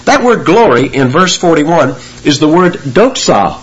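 A man preaching a sermon, explaining scripture verse by verse and rising in pitch and force on key words. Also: very animated, measured pace, slightly rough, lo-fi sound. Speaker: pastor.

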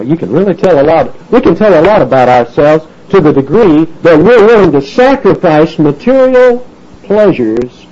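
A husky, mellow-toned man with a drawl preaches with a folksy, animated delivery and acts out the people in his story. His pitch rises and falls a lot. The recording sounds dull and lo-fi. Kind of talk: sermon.

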